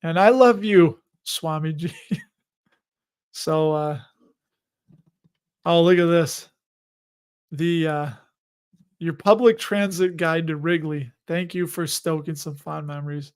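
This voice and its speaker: A man with a Chicago accent hosts a casual livestream. His voice sits a bit high for a man, and he rambles from one aside to the next, cracking jokes and chuckling as he goes. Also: slow, pauses often, darkish tone, smooth. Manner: rambling, jokey, chuckles between remarks. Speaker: host of an investing livestream.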